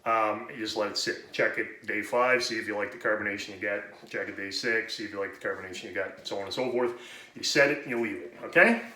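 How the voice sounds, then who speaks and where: Talking fast in a lowish voice with a bright, forceful tone, a home brewing host rambles through a casual demonstration, swearing, cutting himself off, and getting breathless. The room is echoey, with faint noise.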